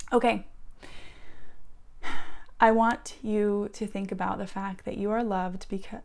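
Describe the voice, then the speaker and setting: A woman coaching listeners through a guided self-love talk, gentle and earnest, dropping now and then to soft whispers. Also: medium pitch.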